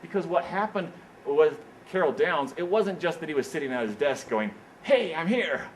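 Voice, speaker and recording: A man delivers a motivational career talk in an indoor meeting room, telling stories with an animated, repetitive rhythm. His voice sits a little higher than most men's. A faint background noise runs under his speech. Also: normal speed, low-quality recording. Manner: animated storyteller, repeats "what happens is, is that". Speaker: speaker at an engineering career event.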